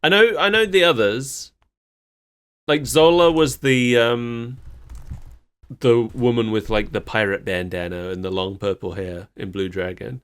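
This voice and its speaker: A man's voice: mid-range voice, unhurried, fairly bright tone, clean tone. A man co-hosting a podcast, recapping a cartoon episode in casual chat and laughing often. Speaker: podcast co-host.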